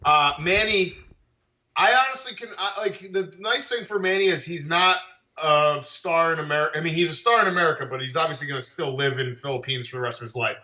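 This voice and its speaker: A man's voice: fairly high pitch, brisk, pushed and bright, reverberant. A man co-hosting a podcast, riffing on the news in loose, profane, jokey banter. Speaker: podcast co-host.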